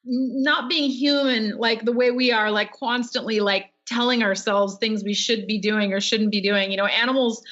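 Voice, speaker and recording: A woman's voice: a little high, fairly even intonation, moderate pace, few pauses, fairly bright tone. A middle-aged woman guest on a radio interview, chatty, with many fillers and easy laughs. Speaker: guest author. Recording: dull lo-fi radio audio.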